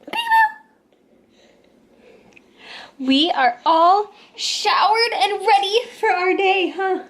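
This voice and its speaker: A woman's voice: very high-pitched, animated, slow, fairly bright tone. A young woman filming a casual family vlog, chatting to viewers and using sing-song baby talk with her toddler. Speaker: family vlogger.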